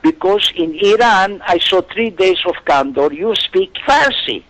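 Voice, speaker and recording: A man putting on an eager Iranian man with a heavy Persian accent and halting, broken English. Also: high voice, animated, fairly bright tone, no echo, voice pushed up, rough recording.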